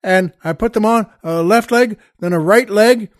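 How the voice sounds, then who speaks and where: A man with a fairly high voice spins a backstage story in lively comic fashion. He drops quiet and then swells for punchlines, and the sound is close and dry with no room around it. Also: normal speed, dry recording. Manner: animated, acts out quoted voices, shifts between hushed and loud. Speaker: comedian telling a backstage story. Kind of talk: storytelling anecdote.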